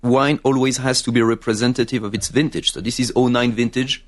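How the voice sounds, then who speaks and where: A man from France with a French accent, a winery guest in a casual wine tasting chat, halting and often repeating words as he searches for the English. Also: medium pitch, fairly even intonation.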